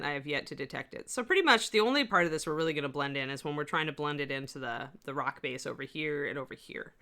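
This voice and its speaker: A woman's voice: low-pitched, bright, forceful tone. A woman with a slight West Coast accent, chatting casually as she teaches miniature sculpting on a live stream. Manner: chatty, rambling asides while working. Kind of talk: live-stream tutorial chat.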